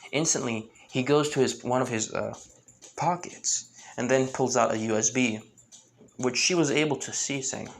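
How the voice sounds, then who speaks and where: Man, casual fan-story narrator, gravelly, loose and rambling. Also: mid-range voice, normal speed, slight background noise. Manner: rambling with many restarts and fillers.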